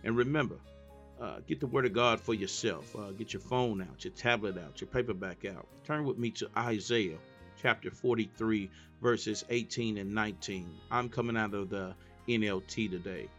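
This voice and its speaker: A man preaching a sermon, moving from low asides to high, emphatic calls and repeated refrains. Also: moderate pace, a bit bright, faint music behind. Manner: repetitive call-and-response preaching.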